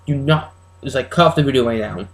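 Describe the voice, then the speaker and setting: A man giving a casual, rambling, spoiler-heavy recap of a horror film as a reviewer, excitable and full of restarts. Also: mid-range voice, fast talker, rough recording.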